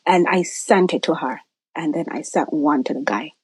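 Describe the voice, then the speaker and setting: A woman's voice: deep voice, lively intonation, moderate pace, slightly rough, no room sound, poor audio. A woman guest telling a personal story, acting out quoted voices and dropping to near-whispers.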